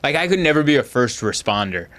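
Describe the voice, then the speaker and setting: A man chatting on a comedy podcast with a lively, swooping voice. He tells stories in a loose, animated way, often leaping up high to act out his own lines. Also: fast talker. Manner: animated storyteller, jumps high into acted quotes. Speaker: podcast host. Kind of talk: casual comedic chat.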